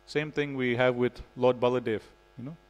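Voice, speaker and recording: A man's voice: mid-range voice, fairly even intonation, moderate pace, rough recording. A man giving a devotional scripture class in a temple, telling stories in a casual way with frequent "you know". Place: temple hall.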